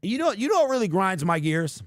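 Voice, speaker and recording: A man's voice: high-pitched, sing-song, a little fast, no echo, clean studio sound. A man hosting a sports podcast in casual chat, joking, laughing at his own stories and talking straight to viewers.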